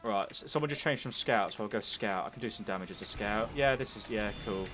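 A man's voice: on the low side, a little fast, music in the background. A young man giving casual, sweary, joking commentary while streaming a game.

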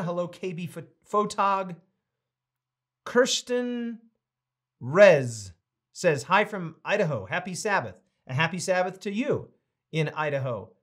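A man's voice: high-pitched, fairly bright tone. A man, a pastor hosting a livestreamed reading series, greeting viewers one by one and making announcements in an upbeat, casual way.

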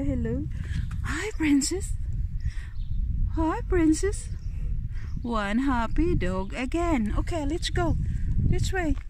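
A woman vlogging as she takes her dog out, mixing Filipino and English and coaxing the dog in a high sing-song voice. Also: background noise. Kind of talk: casual vlog chat. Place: home, then outdoors on a walk.

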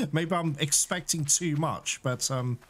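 A man's voice: a little high, slow pace, a bit bright. A man giving chatty let's-play commentary, laughing often and bursting out in exasperation at the game. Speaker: gaming YouTuber. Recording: game music playing behind the voice.

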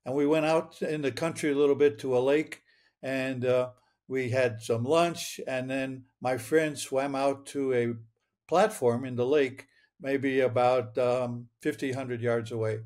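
A man's voice: medium pitch, steady tone, measured pace, darkish tone. A man in his eighties from Michigan, a guest telling a long personal story earnestly, often repeating his words as he goes. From Michigan, United States. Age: 80s. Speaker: interview guest. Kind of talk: storytelling interview.

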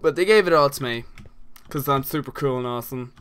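A man's voice: medium pitch, fairly quick, a bit bright, clean tone. An Irish man giving casual, rambling commentary while playing a game, full of crude jokes and asides. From Ireland. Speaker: gaming channel host.

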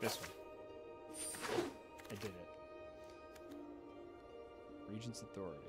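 A man's voice: lowish voice, takes it slowly, over loud music. A man hosting a casual card game stream, gushing over the card art and swearing freely. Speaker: streamer host.

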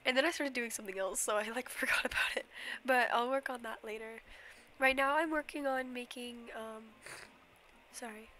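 With a fairly high, sharp voice at a moderate pace, she chats her way through a laid-back Minecraft stream tour despite being a bit under the weather. She giggles, rambles, apologizes often and leans on fillers, and there's a little hiss or hum in the audio.

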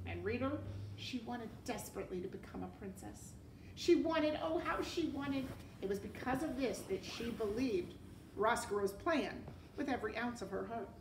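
A woman teacher reads a chapter aloud with lively expression, stopping to quiz her class. Her fairly high voice comes from across an echoey room. A faint hiss sits underneath. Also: moderate pace, recorded from a distance. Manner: expressive, asks the class questions. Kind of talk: reading a novel aloud to a class.

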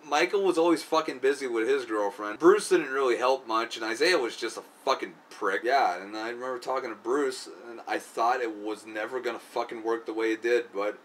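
Speaking a little fast with few pauses, a man in a video rambles through a long personal story, swearing casually and using lots of fillers. His voice is medium-pitched with a fairly bright tone, recorded from a distant mic with faint background noise.

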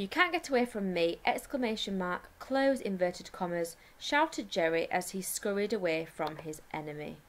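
A primary school teacher with an English accent gives a recorded lesson in a mid-range voice, with slight background noise. She explains things step by step and slows down when dictating.

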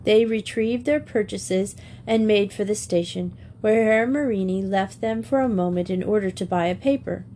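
A woman's voice: medium pitch, normal speed, few pauses, warm tone, slight background noise. Woman reading a classic story aloud. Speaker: audiobook reader. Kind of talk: reading a children's novel aloud.

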